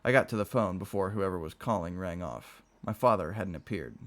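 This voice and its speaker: A man reading a novel aloud on a stream, with expressive storytelling delivery. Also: low-pitched, fairly quick.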